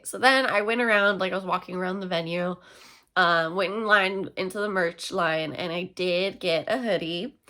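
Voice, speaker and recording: A young woman vlogger chatting casually through a storytime, excitable and full of fillers. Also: mid-range voice.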